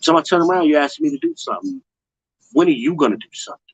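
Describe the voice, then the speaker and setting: A man hosting a casual commentary livestream, blunt and slangy, talking straight to his viewers and mocking others in high put-on voices. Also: expressive, racing, breathy edge, no echo, highs cut off. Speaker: host.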